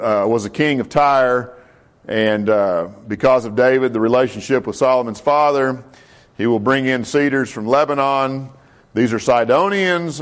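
A man leads a Bible study lesson in a loose, talky manner. He stops to correct himself, fills pauses and asks the class questions as he goes. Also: mid-range voice. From United States. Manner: conversational, many fillers and self-corrections, asks the class questions. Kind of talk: casual Bible class lecture.

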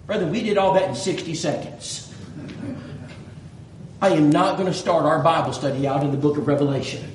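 A man's voice: a little high, brisk. A man preaching, telling a folksy story and voicing the people in it. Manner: folksy, animated storyteller voicing quoted dialogue. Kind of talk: storytelling sermon. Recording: echoey room with faint background noise.

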